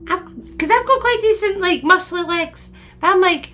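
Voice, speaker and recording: A woman in her forties who hosts as a spiritual medium chats casually with viewers, rambling and laughing often as she recounts conversations. Her voice is very high-pitched, bright, and forceful, at a normal speed.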